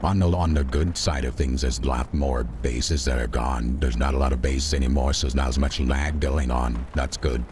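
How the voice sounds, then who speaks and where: A man's voice: a bass voice, steady tone, normal speed, hardly any pauses, darkish tone, a little hiss or hum. A man streaming a video game, rambling in a chatty way and talking back to his chat. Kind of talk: livestream gameplay commentary.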